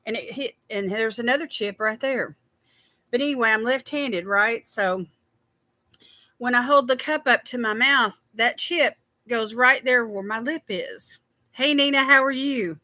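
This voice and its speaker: A woman's voice: on the high side, measured pace, bright, forceful tone, no room sound. A woman hosting a casual skincare livestream, chatty and tired, greeting viewers by name.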